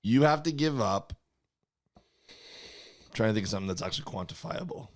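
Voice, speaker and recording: A man's voice: on the low side, expressive, fairly quick. A man co-hosting a comedy podcast, teasing his co-host in casual, playful banter.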